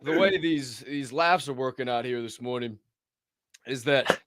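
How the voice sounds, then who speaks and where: A man's voice: mid-range voice, a little slow, a bit bright, dry recording, studio quality. A man co-hosting a podcast, reacting to clips in a playful way and laughing often. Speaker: podcast co-host. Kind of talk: casual reaction chat.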